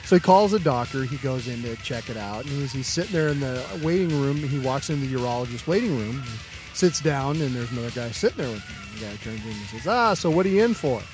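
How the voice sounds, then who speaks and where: A man's voice: mid-range voice, quick pace, over music. A man co-hosting a podcast, chatting casually and telling jokes, swearing freely and using a lot of fillers. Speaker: podcast co-host. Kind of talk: casual chat and joke telling.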